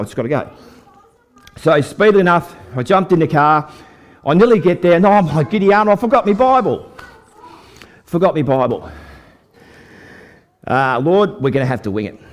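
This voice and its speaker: An older Australian man telling a folksy faith story as a preacher to a live church audience. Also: a little high. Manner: folksy storytelling, lively with the crowd. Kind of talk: testimony sermon.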